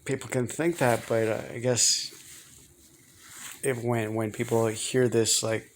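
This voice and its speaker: A man's voice: medium pitch, little pitch movement, a little slow, a little hiss or hum. A man talking casually to camera in a personal vlog, rambling and hesitant, often repeating words. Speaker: vlogger.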